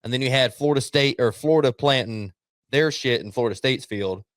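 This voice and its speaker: A man in casual sports talk as a podcast co-host, blunt and quick to swear, at a middle pitch for a man. The sound is close and dry, with no room echo behind him. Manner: blunt, profane, acts out coaches' yelling.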